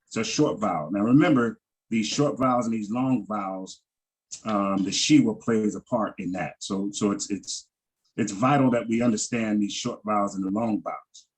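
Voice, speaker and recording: A man teaching a Hebrew vowel lesson over a video call, halting and repeating words and often checking in with "right?". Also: on the low side, poor audio.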